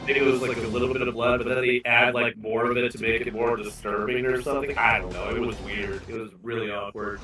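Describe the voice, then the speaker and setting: An American man from Arizona, joking and telling animated stories as co-host of a casual stream. He sits well back from the mic, and his voice rings out in a very echoey room. Faint music plays behind him. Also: mid-range voice, quick pace, hardly any pauses, distant mic. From Arizona, USA. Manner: animated, joking storyteller who acts out voices. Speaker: co-host guest. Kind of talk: casual livestream chat.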